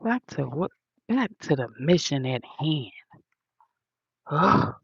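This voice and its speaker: A woman's voice: low-pitched, big pitch swings, slow, gravelly, slightly rough, no echo, lo-fi sound. A woman hosting a livestream, answering comments in a blunt, profane, preachy rant full of slang.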